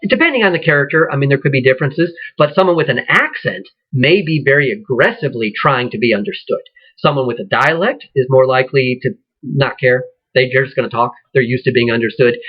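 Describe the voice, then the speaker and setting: A man's voice: mid-range voice, animated, a little fast. A man with a Midwestern accent, talking loosely to acting students, often restarting his sentences. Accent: Midwestern American. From American Midwest. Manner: loose, rambling, with frequent restarts. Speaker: acting teacher. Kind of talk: casual instructional talk. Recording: dull lo-fi recording.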